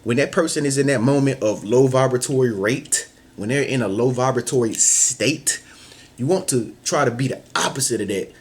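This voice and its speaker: A man's voice: medium pitch, moderate pace, husky. A man talking casually to camera with life advice, loose and slangy, often saying "you know what I'm saying" and acting out little scenes in other voices. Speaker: vlogger giving advice. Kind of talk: casual motivational talk.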